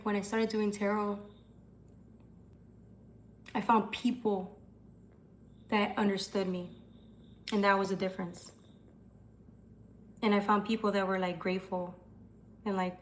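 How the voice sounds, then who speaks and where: A woman's voice: medium pitch, a little hiss or hum. Chatty woman hosting a livestream. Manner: chatty, swears, answers chat comments. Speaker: tarot livestream host. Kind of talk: casual livestream chat.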